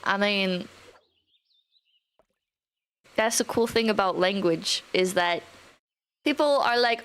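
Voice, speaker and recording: Young woman streamer, slightly high voice; rambling, sweary, off-the-cuff chat. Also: slow, pauses often, fairly bright tone, clear, resonant tone. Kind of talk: casual live-stream chat.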